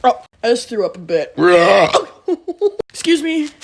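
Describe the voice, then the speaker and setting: Giggly young woman with a lively voice. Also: on the high side, fairly quick. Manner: giggly, chatty, self-mocking. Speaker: social media creator. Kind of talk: casual vlog to camera.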